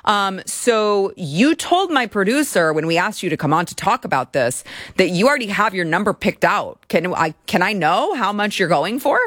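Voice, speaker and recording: A woman's voice: medium pitch, sing-song, moderate pace, a bit bright, dry recording, studio quality. A woman hosting a political talk show, speaking in a sarcastic, mocking way. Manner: sarcastic, mocking impressions of opponents.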